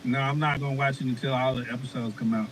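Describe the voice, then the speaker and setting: A man's voice: medium pitch, steady tone, fast talker, fairly bright tone, a little hiss or hum, low-quality recording. A man co-hosting a casual stream chat by remote call, blunt and swearing.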